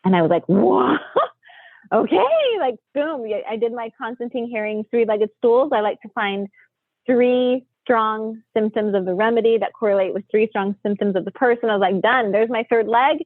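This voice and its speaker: Animated American mom telling stories over a phone line. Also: female voice, normal speed, no room sound. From United States. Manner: animated, acts out quotes with big pitch jumps, laughs often. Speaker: podcast guest. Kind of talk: storytelling in casual chat. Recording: tinny phone-line audio.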